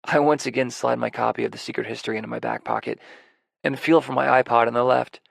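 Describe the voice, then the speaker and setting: A man narrating a romance audiobook in the first person, soft and introspective, with a self-deprecating manner. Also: medium pitch, fairly even intonation, fast, creaky, no room sound, studio quality.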